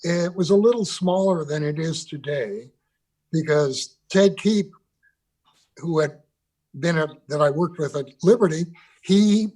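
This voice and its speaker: A man's voice: on the high side, darkish tone. An older man, a guest on a video call interview, reminiscing about recording sessions with loose restarts. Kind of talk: conversational interview.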